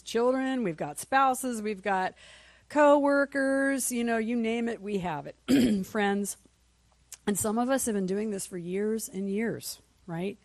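A woman's voice: medium pitch, no echo. A woman teaching a Sunday school class in a conversational way, asking the class questions and often adding "right?". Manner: clears throat often.

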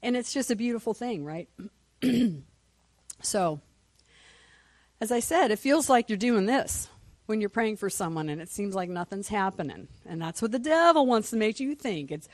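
A woman's voice: mid-range voice, lively intonation, normal speed, darkish tone, no room sound. A woman teaching a Sunday school class in a conversational way, asking the class questions and often adding "right?". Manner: clears throat often.

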